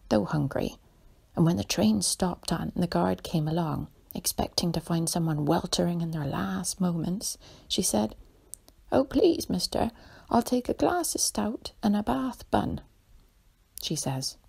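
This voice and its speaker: A woman voicing a kindly old male railway porter in a soft whispered role-play for a bedtime story. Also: on the low side, heavily acted. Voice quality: husky, creaky whisper.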